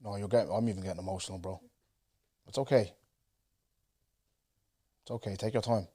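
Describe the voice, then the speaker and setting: Male podcast host, low mellow voice, encouraging, casual, a bit off mic. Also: fairly even intonation, a little fast, slightly rough. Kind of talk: podcast interview.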